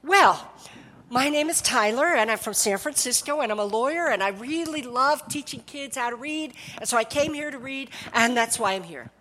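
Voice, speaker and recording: A woman voicing an eager young male lawyer who rushes and stumbles over his introduction. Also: fairly high pitch, lively intonation, bright, forceful tone, long reverb tail.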